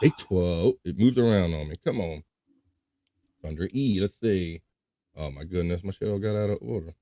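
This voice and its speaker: A man's voice: low voice, moderate pace, warm tone, no room sound. Man, livestream host, casual chat, profane, ranting, laughing as he vents.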